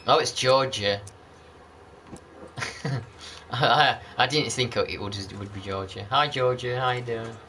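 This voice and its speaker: A man's voice: mid-range voice, a little slow, pauses often, bright, forceful tone, a little hiss or hum. A man chatting casually over gameplay as a channel host, rambling and greeting viewers by name.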